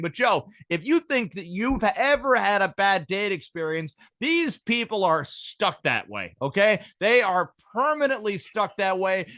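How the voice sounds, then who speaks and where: Dude hosting a comedy podcast, high bright voice, swears a lot, rambles on. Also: male voice, no echo. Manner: profane, rambling storyteller. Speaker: podcast host. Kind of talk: casual comedic chat.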